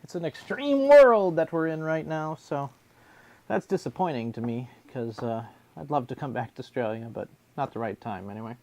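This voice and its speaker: A man's voice: medium pitch, normal speed, a little mellow, a little hiss or hum. A man hosting a casual livestream, reading out viewer comments and answering them in a playful, jokey way. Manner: playful, jokey, slips into silly put-on voices. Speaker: livestream host.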